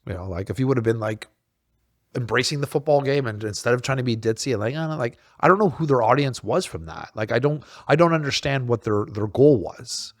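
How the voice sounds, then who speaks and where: A man's voice: medium pitch, expressive, fairly quick, no room sound, clean studio sound. A man in casual chat, blunt and swearing, with many restarts and repeated words. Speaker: podcast co-host.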